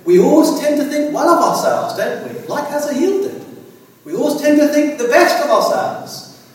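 High-voiced preacher echoing through a hall. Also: male voice, sing-song, normal speed. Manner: earnest, addresses listeners with tag questions and "as it were". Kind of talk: sermon. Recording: echoey hall from far off.

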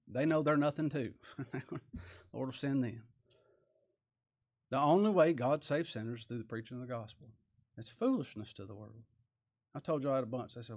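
A man preaching a sermon in a folksy, animated way, reading scripture slowly and with emphasis, then dropping to near-quiet asides. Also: medium pitch. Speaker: pastor.

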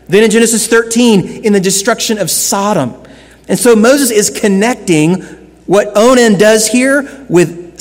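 A man preaching a sermon as pastor, earnest, shifting between loud emphasis and hushed lines. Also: sits high, long reverb tail.

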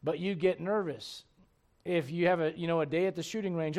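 A man preaching a sermon as pastor of a church, emphatic and swinging between loud bursts and low asides. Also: brisk, vocal fry.

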